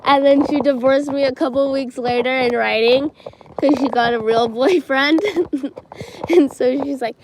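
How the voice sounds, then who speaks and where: Slow-talking chatty teen girl. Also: sits high, noisy background. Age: teens. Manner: chatty, giggly, many fillers like "like" and "um". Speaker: livestreamer. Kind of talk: casual livestream storytelling.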